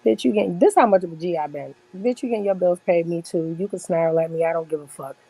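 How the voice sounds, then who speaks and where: A woman's voice: fairly low pitch, fast talker, mellow, breathy edge, no echo, rough recording. A woman in her forties telling stories in a casual chat as a podcast guest, blunt, boastful and full of profanity.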